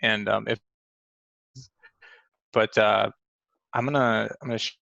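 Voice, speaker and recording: A senior manager from Fargo, North Dakota, in his late 30s presents a work webinar over a video call, chatty and rambling with many fillers and restarts, his voice still groggy from the morning. It's fairly low, creaky, pushed and bright, with even intonation and an unhurried pace; the lo-fi recording has no room sound.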